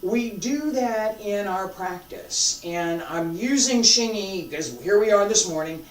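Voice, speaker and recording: Martial arts instructor, slow deliberate delivery, emphatic, echoey room, heard from far off. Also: medium pitch, animated. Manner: emphatic and repetitive, swinging between loud and hushed. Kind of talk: teaching a live class. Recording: roomy sound from a distant mic.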